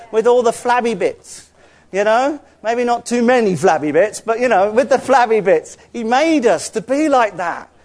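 A man's voice: high-pitched, a little mellow. A man preaching a sermon in an earnest, conversational way, with asides to the congregation.

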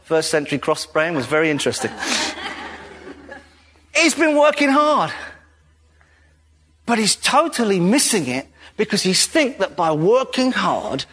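A male preacher giving a jokey, animated sermon in a church hall. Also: high-pitched, a little slow, pauses often, husky. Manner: animated, jokey, laughs often. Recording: reverberant hall.

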